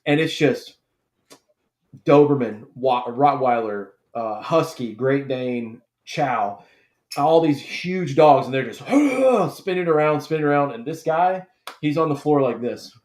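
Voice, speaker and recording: Chatty host in an echoey room. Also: male voice, medium pitch, measured pace, a little mellow. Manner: chatty, storytelling, laid-back with swearing. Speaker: host of a live draft stream. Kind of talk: casual chat.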